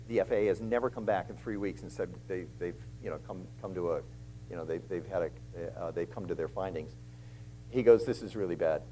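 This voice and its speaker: Animated man telling a story at church. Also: fairly low pitch, a little hiss or hum, rough recording. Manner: animated storyteller acting out dialogue. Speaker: guest speaker. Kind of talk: storytelling testimony.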